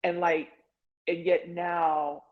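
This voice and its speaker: Speaking slowly in a fairly low, flat voice, a woman guides a support group session online. The video call sound is dull and lo-fi. Her tone is sincere and conversational, full of "like" and "you know."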